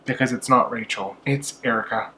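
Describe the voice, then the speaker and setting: A man casually recapping a horror book, animated and chatty, quoting characters in put-on voices. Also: medium pitch, fairly quick, low-quality recording.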